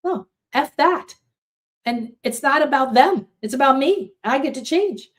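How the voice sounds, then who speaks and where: A woman's voice: sits high, animated, normal speed. A woman hosting a live online class as a spiritual teacher, a chatty, rambling storyteller who reads out and answers viewer comments. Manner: chatty, rambling storyteller with frequent fillers and restarts. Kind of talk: casual live-streamed teaching. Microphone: computer setup with screen sharing.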